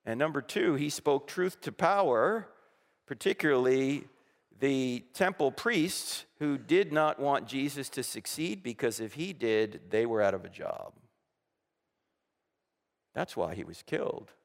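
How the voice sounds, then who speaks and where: A man's voice: mid-range voice, animated, a little slow, big-room sound. A man preaching a sermon to a congregation, emphatic and full of rhetorical questions, acting out the voices he quotes. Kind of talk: sermon with slides. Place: church auditorium.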